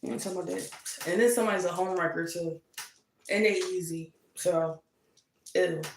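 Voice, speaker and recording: A woman's voice: lowish voice, steady tone, a little fast, slight background noise. Sassy woman tarot reader, echoey room. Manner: sassy and teasing, laughs often, repeats for emphasis. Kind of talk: casual tarot reading monologue. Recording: roomy echo.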